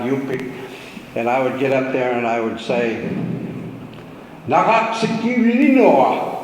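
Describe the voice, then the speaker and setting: A man from Alaska giving a reflective storytelling talk to a gathering, with playful asides. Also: medium pitch. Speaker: speaker at a gathering. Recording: echoey hall, long reverb, faint hum.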